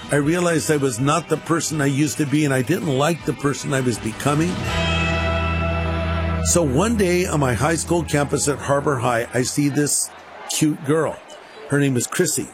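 A man's voice: fairly high pitch, moderate pace, over music. A man preaching a personal testimony, telling the story vividly and acting out what people said. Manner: storytelling, acts out quotes.

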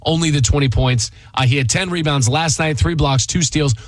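A man hosting sports talk radio, opinionated and animated in quick banter. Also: fairly high pitch, no echo, far from the mic.

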